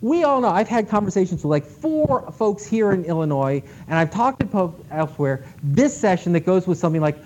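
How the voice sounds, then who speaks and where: A man giving an animated conference talk to librarians, emphatic and swinging between loud and hushed delivery. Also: sits high, fairly quick, hardly any pauses. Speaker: keynote speaker at a library conference. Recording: dull lo-fi recording with faint noise.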